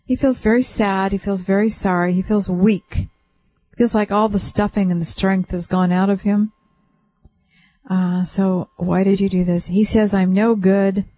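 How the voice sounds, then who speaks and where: A woman hosting a call-in radio show, giving a caller a psychic reading in a gentle, reassuring way and passing on what she senses, bit by bit. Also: medium pitch, fairly even intonation, measured pace, rough recording. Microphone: radio studio mic.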